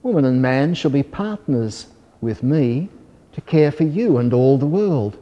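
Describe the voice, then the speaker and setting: A man voicing a calm, kindly God who speaks slowly, solemnly and reassuringly in a storybook reading. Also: mid-range voice, dull audio, natural voice. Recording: long hall reverb.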